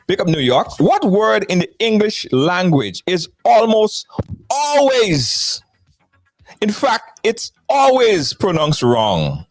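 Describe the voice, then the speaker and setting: A live-stream host who chats casually and playfully, greets viewers by name and repeats phrases over and over. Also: medium pitch.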